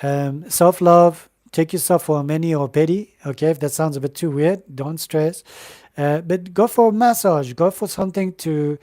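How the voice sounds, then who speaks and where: A man gives live tarot readings in a gentle, uplifting, spiritual tone, often pausing and restarting his sentences. His voice sits a bit high for a man. The sound is dry and close, with no room echo. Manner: gentle, encouraging, spiritual, with many fillers and restarts. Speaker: tarot reader hosting a live stream.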